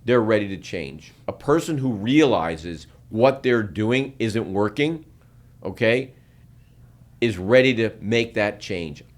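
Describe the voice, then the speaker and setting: A man's voice: on the low side, lively intonation, slow pace. An older man hosting a casual podcast conversation, speaking emphatically and often checking in with "okay?". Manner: emphatic, punctuates points with "okay?". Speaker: podcast host.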